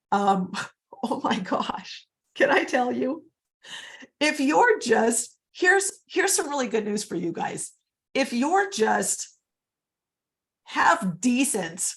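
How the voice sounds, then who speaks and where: A woman's voice: mid-range voice, vocal fry. A woman coaching real estate agents in a live online session, chatty and upbeat, often calling her audience guys, on a computer mic.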